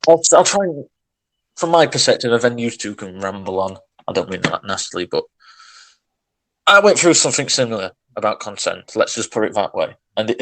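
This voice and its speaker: A man's voice: medium pitch, fairly bright tone, low-quality recording. Agitated man ranting. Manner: agitated, ranting, many restarts and sighs. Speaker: podcast co-host. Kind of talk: casual chat.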